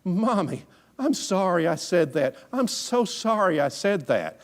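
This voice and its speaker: A man's voice: big pitch swings, moderate pace, exaggerated voice. A man voicing a clingy, whining four-year-old boy. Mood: sorry. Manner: whining, high-pitched.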